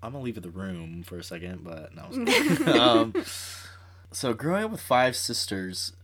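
Give me a young man as a podcast guest, rambling and poking fun at himself, with a lively, swinging pitch. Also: measured pace. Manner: rambling, self-mocking, full of fillers. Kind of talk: casual chat.

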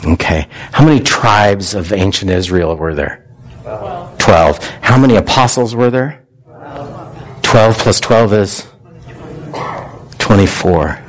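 A man's voice: fairly low pitch, slow pace, pauses often. Conversational man preaching a sermon. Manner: conversational, asks the congregation questions. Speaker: pastor.

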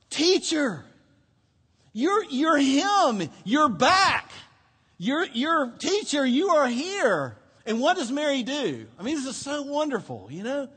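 A male pastor preaching a sermon, telling the story expressively, dropping to a hush and then rising to emphasis. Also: on the high side. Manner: expressive storytelling, swinging between hushed and emphatic. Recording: long hall reverb.

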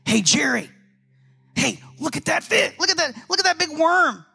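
A man's voice: extremely high pitch, moderate pace, creaky, voice pushed up, heavily acted. A man voicing a gullible male fish who chatters eagerly about a big juicy worm during a sermon story. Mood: excited. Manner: excited, chatty.

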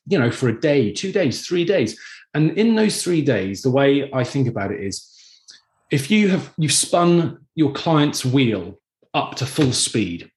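Animated man telling stories, roomy sound. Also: medium pitch. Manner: animated storyteller, acts out quoted voices. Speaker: podcast guest, filmmaker. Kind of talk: casual podcast conversation. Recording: roomy echoey room.

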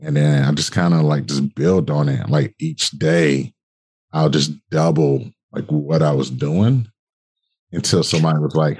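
Brief: young male podcast guest, low husky voice, casual profane storyteller. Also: measured pace. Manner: animated, colloquial, swearing, acts out dialogue.

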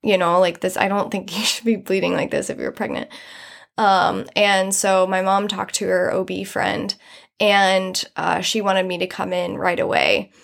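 Young woman, podcast host, personal storytelling, mid-pitched, creaky fry, rambling, candid. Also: moderate pace. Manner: candid, rambling with many fillers, laughs through hard moments.

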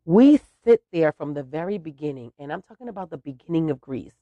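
A woman's voice: low voice, fast, few pauses, no room sound. A woman hosting a podcast who chattily tells a funny story about her family. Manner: chatty, animated, laughs at her own story. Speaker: podcast host. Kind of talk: casual storytelling.

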